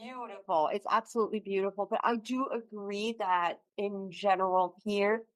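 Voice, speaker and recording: A woman's voice: mid-range voice, steady tone, normal speed, no echo, rough recording. Woman guest, dry and close. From France. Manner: earnest, questioning, with restarts. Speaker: podcast guest. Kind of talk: casual podcast conversation.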